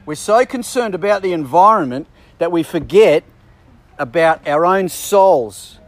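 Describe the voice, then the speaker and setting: High-voiced preacher, chatty. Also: male voice, animated, unhurried. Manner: chatty, self-deprecating humor with asides. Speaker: bishop preaching. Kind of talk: sermon.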